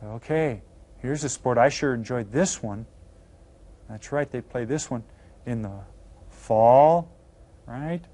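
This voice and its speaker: A man teaching a recorded Spanish lesson to children, upbeat, prompting students with counts and saying the Spanish words slowly and carefully. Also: mid-range voice, a little mellow.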